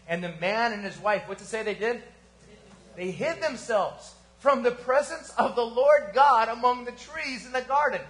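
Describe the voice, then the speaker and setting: High-voiced animated male preacher. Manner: animated preaching with sudden quiet drops. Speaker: pastor. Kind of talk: sermon. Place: church service.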